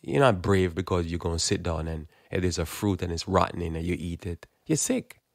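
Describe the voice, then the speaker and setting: A man's voice: low-pitched, fairly even intonation, fairly quick, no echo, clean studio sound. A man giving a blunt, emphatic, informal sermon, often repeating words as he builds his point. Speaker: Christian preacher. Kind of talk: informal preaching monologue.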